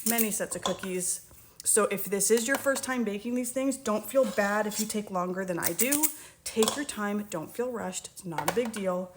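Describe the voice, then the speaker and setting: Chatty woman baking in a noisy kitchen. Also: medium pitch. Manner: chatty, reassuring, talks while working. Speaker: home baker teaching a recipe. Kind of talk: casual real-time cooking tutorial. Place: home kitchen. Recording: kitchen clatter of dishes and utensils.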